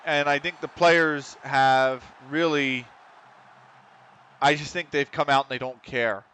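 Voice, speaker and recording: American streamer, bright clear voice. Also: male voice, medium pitch, steady tone, slow pace. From United States. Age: almost middle-aged. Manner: swears often, frustrated at the match, reads chat. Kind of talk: casual gaming stream chat.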